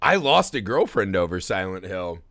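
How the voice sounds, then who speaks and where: A man in his thirties from the US Midwest, a podcast host telling a story in casual chat, swearing and acting out shouts with laughs. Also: low voice, normal speed. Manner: animated, swearing, acts out shouts and laughs while telling stories.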